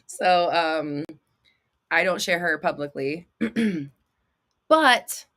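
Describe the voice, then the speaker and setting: Bright-voiced, blunt woman livestreaming. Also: sits low, creaky. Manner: blunt, swears freely, excitable, laughs often. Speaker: manifestation coach and livestream host. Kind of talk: casual livestream chat, reading viewer comments.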